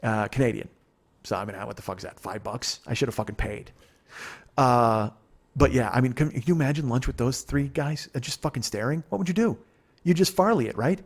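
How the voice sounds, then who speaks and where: Podcast host, forties, male, mid-pitched, swears a lot, rambles excitedly through anecdotes. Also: fairly quick. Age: 40s. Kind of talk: casual storytelling chat.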